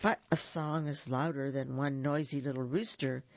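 A reader voicing a brave, cheerful rooster in a storybook read-aloud, speaking with plain, steady defiance. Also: medium pitch, normal speed, natural voice. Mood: cheerful resolve. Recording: dull lo-fi recording.

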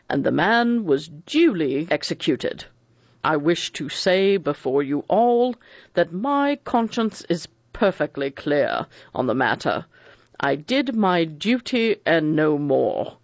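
A man's voice: a little high, no room sound, lo-fi sound, heavily acted. A man doing a precise, cold old judge. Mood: cold, deliberate. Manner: measured, picks words with care.

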